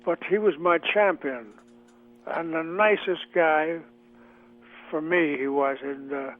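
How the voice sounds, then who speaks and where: An older man, a veteran comic actor, reminiscing in a chatty, halting way in a radio interview. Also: on the high side. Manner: chatty, halting with many fillers. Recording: tinny phone line.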